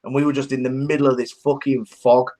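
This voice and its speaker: A man's voice: medium pitch, flat delivery, brisk, warm tone. A man co-hosting a casual podcast, laddish and sweary, often laughing. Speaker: podcast co-host. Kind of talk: casual chat.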